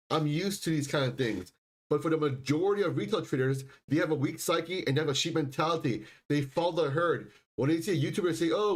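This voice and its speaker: A man hosting a live stock and crypto stream, talking insistently and repeating himself, often clearing his throat. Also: fairly high pitch. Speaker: livestream stock and crypto host. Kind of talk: live market commentary.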